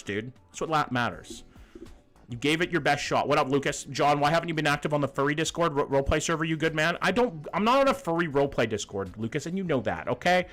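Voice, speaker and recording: A man's voice: on the high side, a bit bright. A young man streaming a guessing game, chatty and thinking aloud as he talks to his chat, swearing casually. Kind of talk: live-stream commentary with chat.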